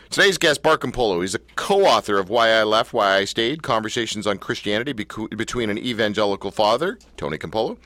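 A man's voice: fairly low pitch, a bit bright, dry recording. A man hosting a live radio talk show, candid and self-mocking as he speaks into a studio mic. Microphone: studio microphone.

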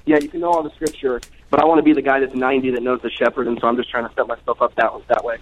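A man's voice: medium pitch, level tone, rapid-fire. A man in his twenties, a guest author speaking over the phone, earnest with many restarts. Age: 20s. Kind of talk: phone interview. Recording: dull phone line.

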